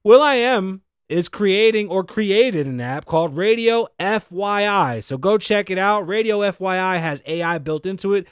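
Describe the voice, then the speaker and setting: High-voiced profane male podcast host. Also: normal speed, few pauses, clean tone, no room sound, studio quality. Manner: profane, animated, ranting. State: wheezing. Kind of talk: casual commentary.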